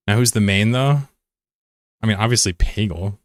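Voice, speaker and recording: On a livestream, a man games and chats easygoingly with his audience, swearing a lot and quick to laugh. His voice sits on the low side at a normal speed, and the studio-quality audio has no echo.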